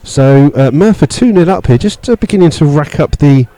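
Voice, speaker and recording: Brief: male radio football commentator, mellow tone, halting play-by-play full of fillers, gets worked up over referee calls. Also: dry recording, low-quality recording. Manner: steady play-by-play with many fillers, rising in pitch when indignant. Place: stadium stand among fans.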